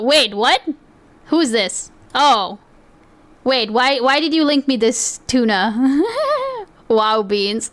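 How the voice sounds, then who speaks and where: A woman's voice: a little high, a bit bright, clean tone. Profane, blunt woman streamer. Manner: blunt and profane, talks over the video. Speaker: streamer reacting to videos. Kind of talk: casual reaction commentary.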